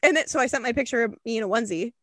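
A young woman co-hosts a podcast. Her voice sits a bit high. She tells a story in a loose, animated way, laughing and swearing all through it, and the sound is close and dry. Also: racing, no echo. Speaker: podcast co-host. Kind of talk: casual storytelling chat.

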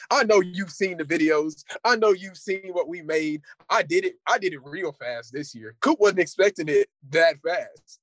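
A man hosts a casual podcast, joking around and teasing his friends. His voice sits a little high for a man. The sound is dry and close. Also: normal speed, hardly any pauses, a bit bright, no echo. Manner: joking, teasing, talks up segments. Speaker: podcast host.

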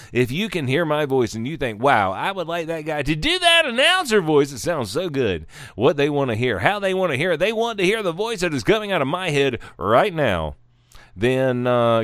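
Man, middle-aged, podcast host, rambling, profane, smooth voice, dry close mic. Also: mid-range voice, dry recording. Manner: rambling, profane, self-deprecating. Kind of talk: casual solo podcast monologue. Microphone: studio microphone.

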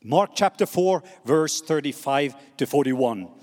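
A man with a Norwegian accent preaching a sermon, animated and calling on the congregation to repeat words back. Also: a little high, a little slow, big-room sound. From Norway. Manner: animated preaching with call-and-response prompts. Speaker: pastor.

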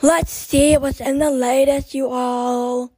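A young woman hosting her own podcast in a rambling, chatty way full of fillers, her voice hoarse and short of breath. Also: sits high, little pitch movement, slow pace, a little mellow, no echo, low-quality recording. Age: young adult. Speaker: podcast host. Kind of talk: casual solo podcast chat.

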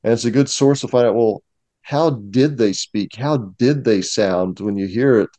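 A man's voice: mid-range voice, normal speed, no echo. A man, a museum curator, talking casually and knowledgeably as a guest in a discussion. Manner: knowledgeable, explanatory, steady.

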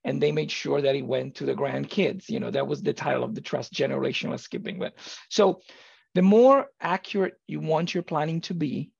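A podcast host with a heavily gravelly, husky voice asks casual interview questions. The recording is dull and lo-fi, with a dry sound. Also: medium pitch, darkish tone, no echo. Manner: gravelly, husky, drawn-out affirmations.

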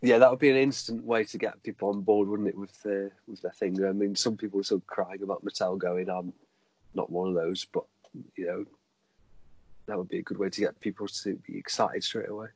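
This man co-hosts a podcast in a casual chat. His voice sits a little low and sounds husky, recorded dry and close. He talks hesitantly, with many fillers and restarts. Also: fairly even intonation, fairly quick, a little mellow, dry recording, poor audio. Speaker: podcast co-host.

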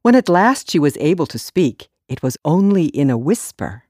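A woman narrates a story at an unhurried pace, her lowish voice moving lively through the sentences. The sound is dry and close. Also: no echo. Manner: unhurried storytelling, dialogue lines lifted higher. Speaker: audiobook narrator. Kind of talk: scripted narration.

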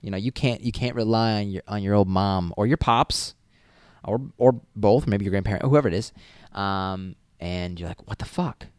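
A man's voice: fairly low pitch, normal speed, clear, resonant tone, no echo, clean studio sound. A young man in college talking casually and rambling to the camera, swearing freely and acting out little voices. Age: young adult. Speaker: college student vlogger. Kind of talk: casual monologue.

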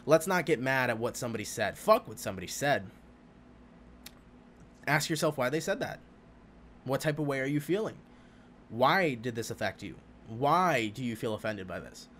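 A young man hosting a podcast, talking alone in a rambling, profane, animated way about spirituality, laughing often. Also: mid-range voice, normal speed, long pauses, slight background noise. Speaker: podcast host. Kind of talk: casual spiritual podcast monologue.

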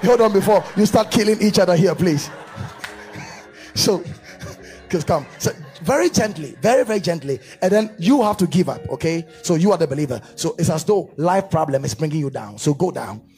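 Faint music underlies a slightly high male voice at normal speed. At a church service, the preacher stages a demonstration in his live sermon, guides volunteers, and leads prayer that climbs from animated to fervently shouted.

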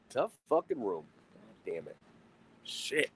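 A man's voice: medium pitch, very animated, slow pace, long pauses, sharp tone, breathy edge, low-quality recording. A man hosting a casual livestream outdoors at a grill, talking in a profane, rambling, self-mocking way into a phone. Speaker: livestream host.

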